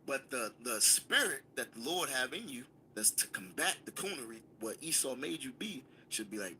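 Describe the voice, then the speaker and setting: A man's voice: mid-range voice, sing-song, moderate pace, hardly any pauses, bright, forceful tone, a little hiss or hum. A man leading a scripture class, emphatic and commanding, calling on a student to read. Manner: emphatic, commanding, call-and-response. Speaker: Bible class teacher.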